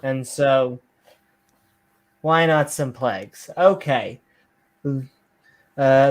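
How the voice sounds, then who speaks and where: A man's voice: mid-range voice, drawn-out words, long pauses. A man hosting a comedy show, reading old scripture aloud in a mock-grand voice and mocking it. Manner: sarcastic, reads archaic verses in a mock-grand voice. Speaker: host.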